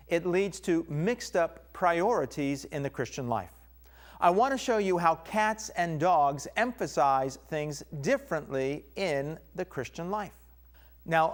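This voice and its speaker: A man teaching a recorded Bible lesson, stressing key words as he explains. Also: on the high side.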